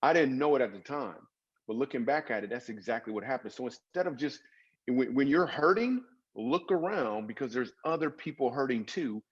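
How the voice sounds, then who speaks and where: A man's voice: medium pitch, expressive, normal speed, husky, muffled recording. A man guest on a podcast, a comedian and author, telling personal stories in an earnest, dramatic way with emphatic swings. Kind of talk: storytelling interview.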